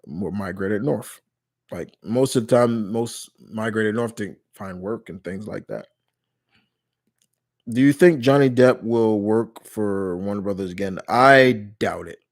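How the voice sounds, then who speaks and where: A man hosting a live stream Q&A in casual chat, rambling and often restarting or correcting himself mid-sentence. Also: on the low side. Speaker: live stream host answering viewer questions.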